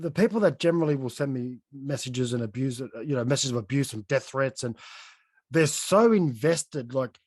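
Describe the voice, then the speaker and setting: A man's voice: mid-range voice, no echo, studio quality. A man in a casual podcast conversation, talking bluntly and swearing openly.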